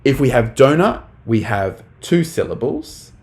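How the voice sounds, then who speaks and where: A man's voice: medium pitch, sing-song, unhurried, darkish tone. A young man teaching a live online English lesson, talking casually to the chat with lots of fillers.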